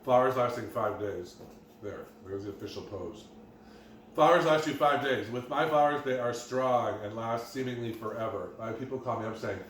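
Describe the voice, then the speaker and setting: A middle-aged man who works as a florist and design teacher vlogs casually from his apartment kitchen, promoting himself and telling anecdotes with chuckles. He speaks at normal speed in a medium-pitched, slightly bright voice; the recording sounds roomy and distant, with faint background hum.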